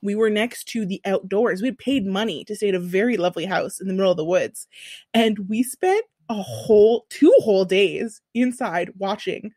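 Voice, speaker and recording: Woman, podcast co-host, casual chat, animated, dry sound. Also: moderate pace, no echo. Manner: animated, swearing storyteller with big pitch swings.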